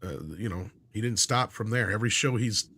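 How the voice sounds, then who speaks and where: A man's voice: brisk, bright, forceful tone, dry recording. Rambling man on a casual livestream. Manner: rambling, filler-heavy, trails off low. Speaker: livestream co-host. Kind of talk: casual entertainment-news chat.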